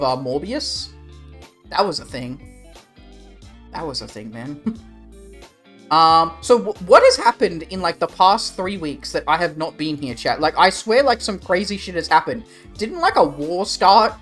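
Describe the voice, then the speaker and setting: A young Australian man in his young adult years chats casually with his livestream viewers, rambling and swearing in a laid-back way. His voice sits on the high side and is a bit bright.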